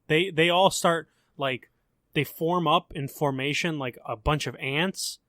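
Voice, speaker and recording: A man's voice: fairly high pitch, unhurried, a bit bright, dry recording, studio quality. A man co-hosting a podcast, laid-back and joking in casual slangy chat. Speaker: podcast co-host.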